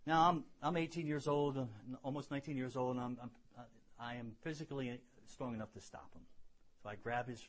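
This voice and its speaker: A man preaching a sermon and telling his own story earnestly, rising to loud emphasis and dropping to hushed lows, often repeating words as he builds. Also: steady tone, fairly quick. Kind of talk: sermon with personal testimony.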